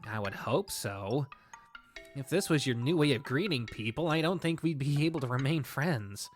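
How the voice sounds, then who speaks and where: A woman voicing a teasing, sassy young male tiger student in a visual novel, quick to fire back. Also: extremely low pitch, lively intonation, faint music behind.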